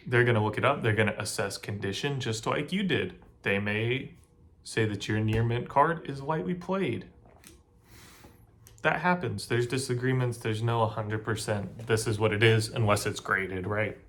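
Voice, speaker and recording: A man's voice: fairly low pitch, fairly bright tone, slight background noise. A man hosting his own channel, giving casual step-by-step advice straight to camera. He talks chattily, repeats himself and keeps checking in with the listener. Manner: chatty, repeats himself, frequent "right?" asides. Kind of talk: casual how-to talk to camera.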